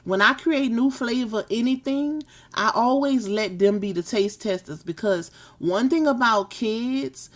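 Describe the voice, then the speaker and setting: A woman's voice: a little high, a little slow, hardly any pauses. Live stream host, woman, thirties, casual and talkative. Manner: chatty, laughs often, Southern US slang.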